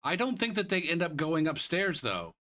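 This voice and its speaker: A man's voice: fairly high pitch, very animated, moderate pace. A young man streaming a kart racing game, ranting and swearing about a lost race. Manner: shouts in disbelief at the replay. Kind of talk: casual gaming stream commentary.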